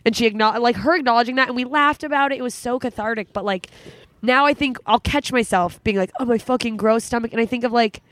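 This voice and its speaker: A young woman hosts a casual podcast chat, talking candidly and emotionally while tearful, swearing a lot and laughing often. Her voice is on the high side, quick and fairly bright, captured on a studio microphone with no room sound.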